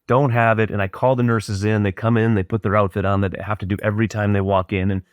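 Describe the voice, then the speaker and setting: A man's voice: on the low side, little pitch movement, quick pace, no echo, studio quality. A middle-aged man, a podcast guest, earnestly and reflectively retelling a personal story in conversation.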